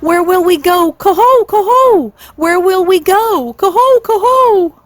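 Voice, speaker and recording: A woman in her sixties voicing a chorus of eager young cygnets in a high, chirpy, sing-song way in a storybook reading. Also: lively intonation, takes it slowly, no room sound, full character voice. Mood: excited. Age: 60s.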